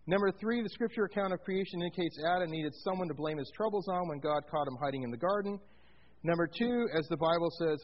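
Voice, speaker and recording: The audio is dull, and the preacher's voice sits fairly high. He's a pastor leading his congregation through a Bible passage, animated throughout, quizzing them and cracking jokes.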